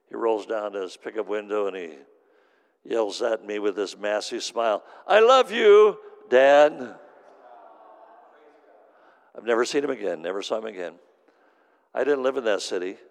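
A minister with a lowish, gravelly voice preaches an earnest sermon, telling stories and repeating phrases for emphasis. A long reverb carries his words across a large meeting hall.

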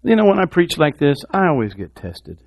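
A man preaching a sermon, swinging from hushed, repeated words to loud, impassioned exhortation. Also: on the high side, very animated, brisk. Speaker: pastor.

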